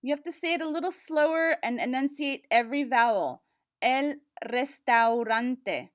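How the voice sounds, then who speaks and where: A woman teaching a vocabulary lesson, pronouncing each word slowly and carefully and pausing for the listener to repeat. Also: high voice, expressive. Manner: slow, careful enunciation with repeat-after-me pauses. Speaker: Spanish teacher.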